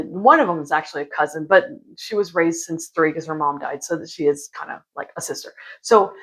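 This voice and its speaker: A woman's voice: fairly low pitch, slightly rough, low-quality recording. A woman in her forties casually telling a story to camera, chatty and exasperated, acting out what others said. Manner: chatty and exasperated, acts out quoted lines; sips wine while talking. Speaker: vlogger.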